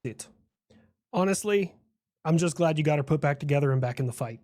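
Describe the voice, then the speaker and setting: A man's voice: on the high side, fairly quick, a little mellow, dry recording, natural voice. Casting: man as a proud, know-it-all personified America for a cartoon skit; dry close recording. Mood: boastful. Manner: boastful, explains at length. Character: proud personified United States, male, lecturing. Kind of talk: comedic animated skit dialogue.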